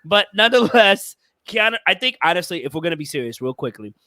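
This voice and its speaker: A man's voice: high voice, very animated, fast talker, bright, forceful tone, no echo. A man sharing his opinions as a panelist in a casual podcast chat, talking straight to the group.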